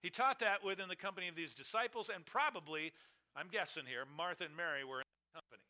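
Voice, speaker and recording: A man delivering a sermon in a very bright, ringing voice pitched a little high. He stresses key phrases loudly and lets others fall quiet and low. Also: fast talker, poor audio. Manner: emphatic, swings between loud stresses and quiet low drops. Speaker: preacher.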